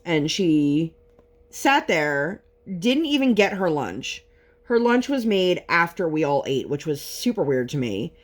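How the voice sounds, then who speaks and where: A woman's voice: low voice, big pitch swings, unhurried. A woman vlogger telling a long frustrated story in a chatty, casual way while she works on a craft. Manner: chatty, exasperated storytelling with many fillers.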